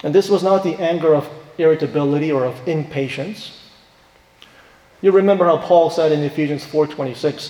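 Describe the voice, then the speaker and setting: Pastor guy giving a sermon, kinda high voice, big echoey church hall. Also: a little fast, darkish tone. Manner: emphatic, rhetorical questions, acts out quoted voices. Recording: roomy hall with long reverb.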